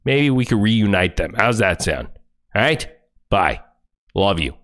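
A man's voice: lowish voice, very animated, measured pace, a bit bright. A man livestreaming, ranting furiously and confrontationally, full of profanity. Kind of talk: angry livestream rant.

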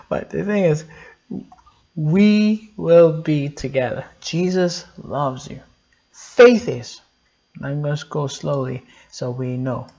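Man in his 30s doing a slow kids' sermon, lots of "i know, i know", kinda breathy. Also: fairly high pitch. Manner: slow, repetitive, animated with call-and-response questions. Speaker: children's pastor. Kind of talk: simple sermon for children. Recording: dull lo-fi sound.

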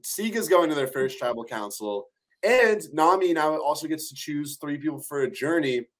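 A man guesting on a podcast, recapping a reality show episode in a steady, storytelling way. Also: fairly high pitch, moderate pace. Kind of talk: casual reality-TV recap chat.

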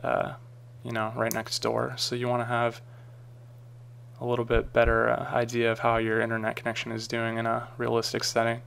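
A man talking through a screen-recorded software tutorial in a casual, rambling way with frequent ums and uhs. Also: mid-range voice, completely flat delivery, moderate pace, vocal fry, a little hiss or hum. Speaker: tutorial maker.

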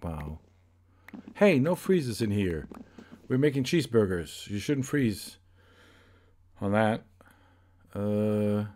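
A man's voice: on the low side, mellow, slight background noise. A man hosting a let's play, giving casual, rambling gaming commentary and often correcting himself as he goes. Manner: rambling, chatty, self-correcting.

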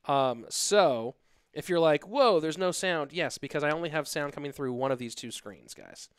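A man's voice: mid-range voice, normal speed, clean tone, no echo. A man hosting a live stream, rambling and joking casually as he talks straight to his viewers from his home setup. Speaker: stream host and caster.

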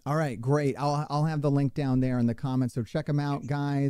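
A man's voice: mid-range voice, flat delivery, moderate pace, few pauses, dark tone, smooth, no echo, studio quality. A man hosting a casual interview, joking and laughing often. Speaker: host.

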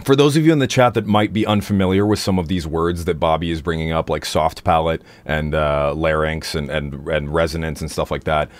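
A singer hosts a casual livestream about singing technique, rambling playfully with plenty of fillers and dropping into silly high voices for demos. He talks a little fast with few pauses, and his intonation stays fairly even.

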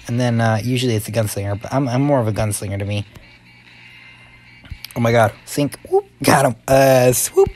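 A young man giving excitable let's-play commentary, yelping and muttering to himself as he plays. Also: medium pitch, moderate pace, slight background noise. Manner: excitable, yelps and mutters to himself while playing. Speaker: gaming YouTuber.

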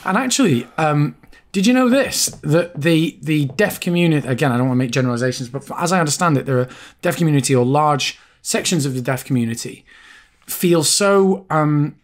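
A man's voice: a little high, fairly quick. A man co-hosting a podcast, telling funny anecdotes in casual chat and giggling as he goes. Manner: chatty anecdote teller, giggles while telling stories. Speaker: podcast co-host.

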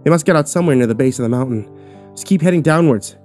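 A man's voice: a little high, quick pace, a little mellow, soft background music, natural voice. Give me a man doing a scrappy young man's voice. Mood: urgent.

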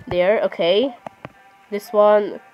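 A woman's voice: medium pitch, slow pace, highs cut off, faint music behind. A woman chatting casually while playing a game, often apologizing and saying "literally". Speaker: gamer. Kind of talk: casual gameplay commentary.

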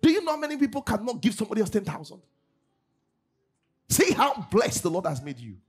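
Animated pastor preaching. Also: male voice, high voice, brisk, breathy edge. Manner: animated preaching, mimics congregants, laughs often. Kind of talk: sermon.

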